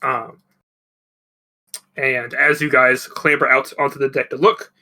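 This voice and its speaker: A man's voice: medium pitch, flat delivery, unhurried, bright, forceful tone, poor audio. A man running a tabletop game as game master, narrating loosely with many ums and restarts. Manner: rambling with many fillers.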